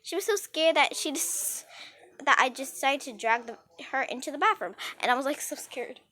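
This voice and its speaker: High bright-voiced woman telling a story. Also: expressive, moderate pace. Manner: rambling, many restarts, acts out the dialogue. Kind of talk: casual storytime narration.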